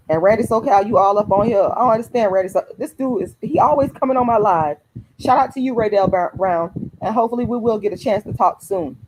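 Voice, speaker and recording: A woman's voice: a little high, quick pace, background noise. A woman hosting a casual livestream, talking fiercely and emphatically to her viewers, repeating phrases and swearing freely. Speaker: activist livestream host.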